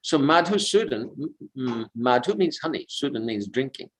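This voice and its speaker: Telling devotional stories at a sacred lake during a pilgrimage walk, a man moves easily between personal anecdote and quiet commentary, unhurried and reflective yet animated. His voice is mid-range, and the rough recording carries slight background noise.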